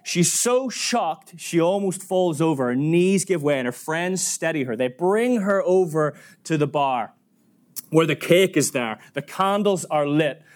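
A male preacher tells a story in a sermon with a slightly higher voice than most men. His delivery is dramatic and lively, slowing and speeding for effect. He is recorded speaking in a church.

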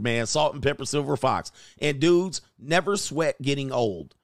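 A man's voice: medium pitch, expressive, a little slow, hardly any pauses, dry recording, clean studio sound. A middle-aged man hosting casual commentary, slangy and preachy, with laughing asides. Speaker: host.

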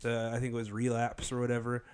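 A man's voice: medium pitch, monotone, quick pace, darkish tone, clean tone. A man co-hosting a casual chat, laid-back and crude in his joking. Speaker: podcast co-host.

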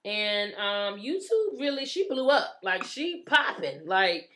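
A woman hosts a casual talk show. She speaks in a chatty, familiar way, calling her listeners "ladies" and "honey." Her voice sits at an ordinary middle pitch for a woman. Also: big pitch swings, takes it slowly, sharp tone. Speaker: podcast co-host. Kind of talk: casual chat.

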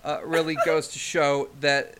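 A young man co-hosts a podcast with irreverent jokes and casual swearing. His voice sits slightly high, with faint noise underneath. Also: flat delivery, measured pace, fairly bright tone. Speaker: podcast co-host.

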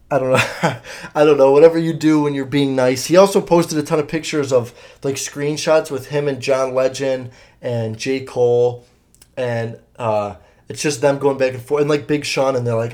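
A man's voice: mid-range voice, normal speed, a little mellow. A young man hosting his own podcast, telling stories in a rambling, profane, filler-heavy way. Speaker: podcast host. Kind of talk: casual solo podcast monologue.

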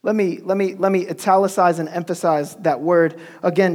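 A man's voice: high-pitched, fairly even intonation, moderate pace, hardly any pauses, darkish tone. A man preaching a sermon in a church, telling stories in a conversational way and calling for responses from the congregation. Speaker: pastor. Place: church sanctuary. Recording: long church-hall reverb.

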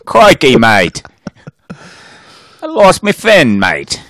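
A man doing a loud mock-Aussie bloke. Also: mid-range voice, huge pitch swings, drawn-out words, no room sound, studio quality, voice pushed up, exaggerated voice. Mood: hammy. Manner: loud, hammy put-on accent. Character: jokey mock-Aussie-British bloke who lost a fin.

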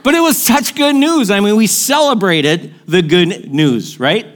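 A middle-aged male pastor, preaching an animated, joking sermon and telling stories to his congregation. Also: high-pitched, unhurried. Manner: animated, joking storyteller with crowd call-outs.

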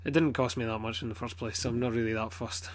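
Brief: Scottish man, casual podcast chat, blunt and sweary, rambles with fillers, mid-pitched. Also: fairly even intonation, fast.

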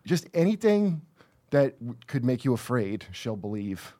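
A man riffs through a casual comedy podcast, trailing off and restarting as he laughs. His voice sits at an ordinary pitch, and the recording is dry and close. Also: big pitch swings, unhurried, warm tone, no room sound. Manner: rambling, trailing off, laughing often. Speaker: podcast co-host.

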